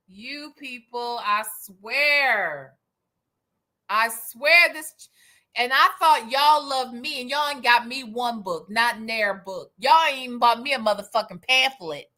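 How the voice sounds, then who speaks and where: A woman's voice: on the high side, expressive, slow, sharp tone. A woman hosting a live stream, giving casual commentary in a sassy, profane and dramatic way.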